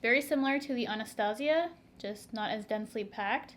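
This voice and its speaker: A woman's voice: on the high side, fairly quick, a bit bright. A young woman, chatting to viewers through a makeup tutorial, laughing often and making asides. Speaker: beauty vlogger.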